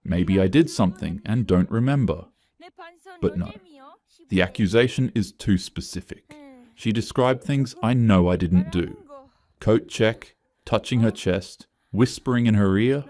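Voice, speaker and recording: Deep-voiced man narrating a story. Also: measured pace, a little mellow. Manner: tense, confessional. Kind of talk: scripted first-person story narration.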